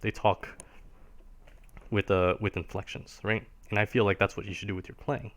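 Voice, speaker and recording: Fairly low in pitch with a fairly bright tone, a man teaches piano over a live stream at a moderate pace and with fairly even intonation. He patiently explains concepts and keeps checking in, ending nearly every phrase with "right?".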